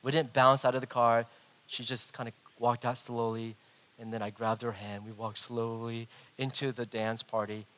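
A middle-aged man preaching a sermon, telling a personal story in an animated way and acting out the voices. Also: medium pitch, moderate pace. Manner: animated, acts out voices, big swings in loudness. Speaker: pastor.

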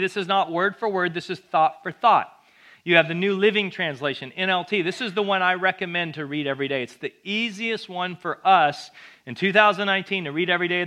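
A man preaching a sermon as pastor, in an energetic, conversational way with jokes. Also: high-pitched.

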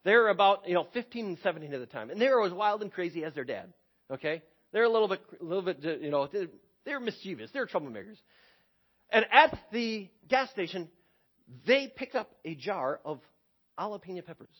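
A man preaching a sermon, telling a personal story with lively energy and repeating words as he starts phrases. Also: high-pitched, brisk, highs cut off.

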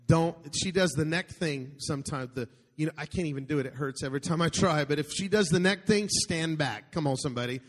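Man, pastor, lively joking sermon, high voice, long hall reverb. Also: brisk, hardly any pauses. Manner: animated, joking storyteller with call-outs to the congregation. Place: large church auditorium.

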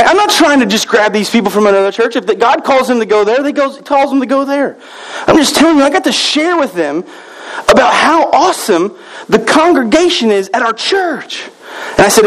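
A male pastor with a notably high voice delivers a casual, joking sermon. He talks to the congregation like friends and acts out quoted conversations along the way. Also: poor audio.

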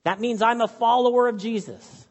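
A man's voice: very high-pitched, steady tone, normal speed. A man preaching a sermon as pastor, earnest and conversational, repeating his key phrases for emphasis. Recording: long hall reverb.

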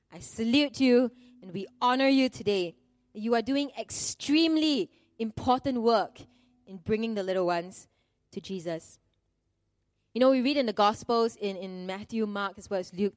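Lady preaching, kinda high voice, chatty and earnest, pokes fun at herself, dry close sound. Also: no room sound. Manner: earnest, conversational, with self-deprecating humor. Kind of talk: sermon.

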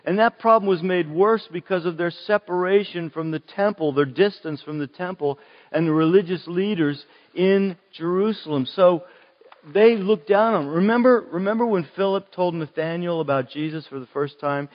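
A man with a Western Pennsylvanian accent preaching a sermon as a pastor, conversational and slowing on key words. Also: sits high. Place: church. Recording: dull, long church reverb.

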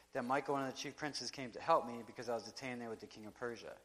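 A man preaching a sermon in a conversational, animated way, acting out quotes and asides. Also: mid-range voice, quick pace, hardly any pauses. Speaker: pastor. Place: church sanctuary. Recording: long reverb of a large hall.

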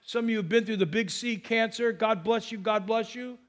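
A man's voice: high-pitched, fairly quick. A male pastor preaching a sermon in a conversational way, with joking asides and stumbling repeats.

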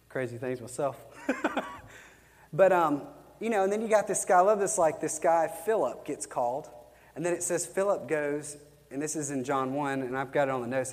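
Male church teacher, fairly high voice, casual storyteller, long hall reverb. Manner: conversational storytelling, acts out Bible quotes. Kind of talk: teaching a class from worksheet notes.

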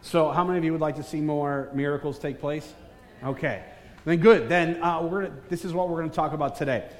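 A man's voice: a little high, steady tone, a little fast. A man preaching to a live church congregation as a guest pastor, joking and teasing the crowd with lots of energy. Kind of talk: live church sermon with banter. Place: large church hall with congregation. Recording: distant reverberant hall, faint room noise.

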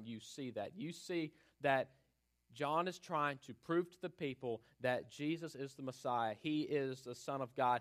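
A man preaching a sermon, praying and reading scripture in an earnest, emphatic way with pauses. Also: fairly high pitch, fairly bright tone.

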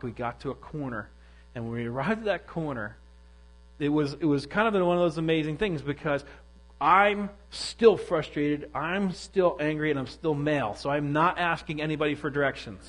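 A man's voice: mid-range voice, rough recording. A middle-aged man giving a sermon, telling a personal story in a candid, self-deprecating way. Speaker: pastor.

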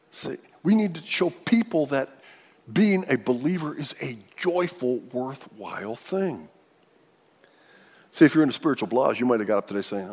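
A man preaching a sermon as pastor in a church, animated and joking with the congregation. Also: medium pitch, normal speed, breathy edge. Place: church sanctuary. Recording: long church-hall reverb.

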